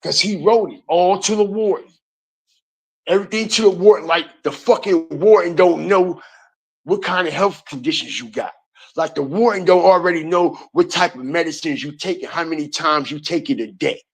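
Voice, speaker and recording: A man's voice: a little high, normal speed. A man hosting an online commentary video, ranting in a heated, profane way and repeating his points.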